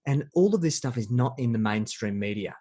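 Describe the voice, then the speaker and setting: A man's voice: mid-range voice, expressive, a little fast, warm tone, breathy edge. A man hosting a podcast, who reacts with short amazed interjections and asks his guest questions. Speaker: podcast host.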